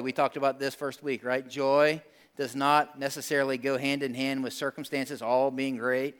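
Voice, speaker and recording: A man preaching a sermon in a conversational style, asking the congregation questions, repeating words and rising to near-shouts for emphasis. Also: medium pitch, flat delivery, moderate pace, smooth. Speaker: pastor.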